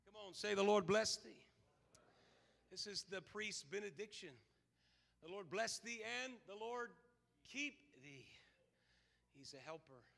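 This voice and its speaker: A man's voice: high-pitched, expressive, unhurried, vocal fry, pauses often, bright, forceful tone, big-room sound. A man pastor preaching a fervent sermon, quoting scripture and calling on the congregation to respond.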